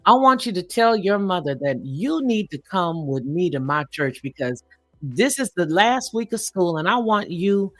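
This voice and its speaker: A speaker voicing a kind woman school noon aide who gently coaxes a child. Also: mid-range voice, sing-song, moderate pace, no echo, faint music behind, close to an everyday voice. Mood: coaxing. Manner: sweet, coaxing.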